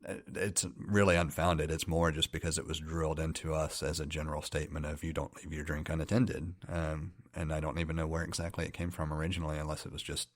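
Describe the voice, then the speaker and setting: A man with a very deep voice co-hosts a podcast, keeping an even, flat tone. His phrasing is measured and slightly formal, recorded dry and close. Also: dry recording. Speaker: podcast co-host. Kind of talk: casual chat.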